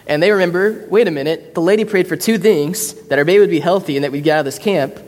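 A man's voice: high voice, quick pace, a little mellow, big-room sound. A man preaching a sermon, telling stories in a casual, loose way with fillers and restarts. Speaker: pastor.

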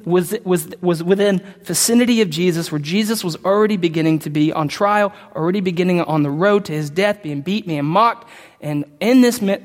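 A preacher giving an emphatic sermon to a congregation, reading scripture aloud and stumbling now and then over the words. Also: mid-range voice. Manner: emphatic, impassioned delivery. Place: large hall with a congregation. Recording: long hall reverb.

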